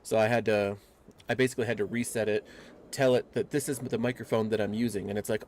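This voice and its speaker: A man's voice: on the low side, fairly even intonation, quick pace, darkish tone. A young man streaming a game from home, chatting casually with viewers in loose, rambling talk full of fillers, speaking into a desk microphone. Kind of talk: casual live-stream chat. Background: game music.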